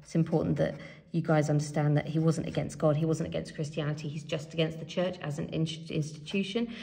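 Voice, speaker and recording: A woman's voice: low-pitched, level tone, brisk, creaky, warm tone. A woman teacher giving a revision tutorial, thinking aloud as she writes and reads from a help sheet, with many fillers. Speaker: English teacher. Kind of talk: revision tutorial while writing.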